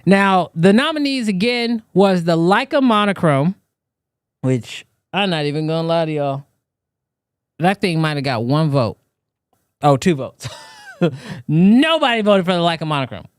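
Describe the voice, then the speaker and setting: Male live-show host, high voice, dry close sound, chatty, talks to the audience. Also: expressive, measured pace, long pauses, clear, resonant tone, dry recording. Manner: loose, chatty, talks straight to viewers. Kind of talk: casual live-stream chat.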